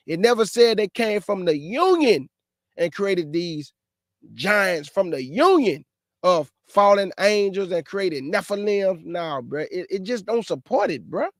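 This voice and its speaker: Man, high voice, dry close sound, livestream host preaching casually, lively and exasperated, talks right to the viewers. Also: unhurried, dry recording. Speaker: host of a live show.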